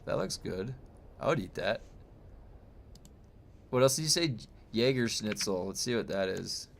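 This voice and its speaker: A man's voice: fairly low pitch, lively intonation, measured pace, gravelly, a little hiss or hum. A young adult man streaming, chatting casually with viewers in a rambling way full of fillers and restarts. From United States. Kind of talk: casual chat reading viewer comments.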